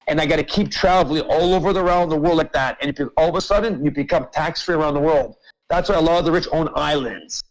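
A man's voice: on the high side, rough recording. A man hosting an open-mic group chat, ranting emphatically and swearing a lot. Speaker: host.

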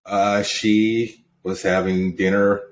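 A man's voice: lowish voice, flat delivery, takes it slowly, slight background noise. A man co-hosting a casual podcast, rambling with lots of fillers as he retells scenes. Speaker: podcast co-host. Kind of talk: casual chat.

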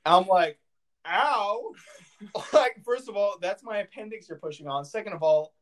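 A man's voice: high voice, lively intonation, normal speed, a little hiss or hum. A young man telling a rambling story in casual chat, laughing often and full of fillers and restarts.

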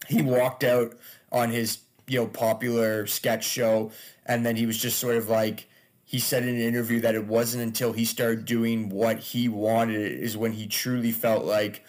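A man, a stand-up comedian, chatting casually as a podcast guest, loose and laughing, with frequent swearing. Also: medium pitch.

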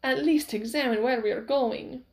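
Proud Spanish swordsman barking short, urgent commands, read by a woman with a gravelly voice. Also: high-pitched, normal speed.

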